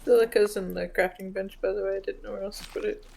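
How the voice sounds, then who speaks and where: A woman's voice: medium pitch, steady tone, fast, creaky, noisy background. A woman playing a co-op game with friends, helpful and giggly in casual chat. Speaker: player, co-op teammate. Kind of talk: casual chat while gaming.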